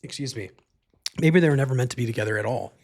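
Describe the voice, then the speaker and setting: Gravelly, husky man chatting loosely. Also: mid-range voice, fast talker, darkish tone. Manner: laid-back, rambling, leans heavily on "like" and swears freely. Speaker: podcast host. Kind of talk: casual solo podcast talk, recapping a movie.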